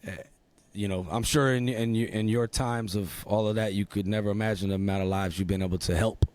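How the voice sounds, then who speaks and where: A male podcast host talks things through in a thoughtful, reflective way. He is encouraging toward his guest. His voice sits somewhat low. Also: fairly even intonation, fairly quick, a little mellow. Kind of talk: reflective conversation.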